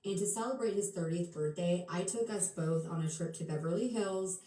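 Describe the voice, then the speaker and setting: A woman's voice: on the low side, brisk, dark tone. A woman recounting a personal story in a plain, matter-of-fact way. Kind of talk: casual spoken storytelling. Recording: echoey room.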